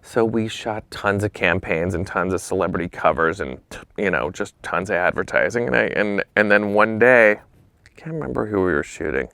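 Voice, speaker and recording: Telling stories as a guest on a talk show, this man has a gravelly, fairly low voice and speaks at a moderate pace. He curses casually and animatedly imitates the other people in his anecdotes. There's no room sound.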